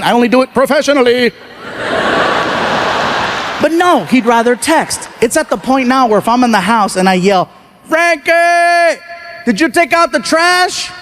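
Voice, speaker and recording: A middle-aged man performing a stand-up comedy routine, telling animated stories and acting out the voices of his family. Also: very high voice. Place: comedy stage with a live audience.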